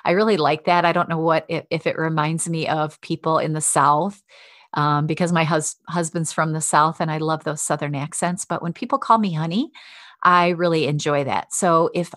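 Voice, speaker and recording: A woman with a lowish voice talks straight to the listener as a self-help host. She sounds encouraging and kind. The recording is dry and close, with no room sound. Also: steady tone, moderate pace, no echo. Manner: warm, encouraging, speaks to the listener directly. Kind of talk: self-help podcast talk.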